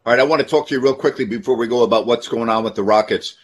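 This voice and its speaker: A man co-hosting sports talk radio, telling a story earnestly and chiming in with quick agreement. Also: mid-range voice, slightly rough.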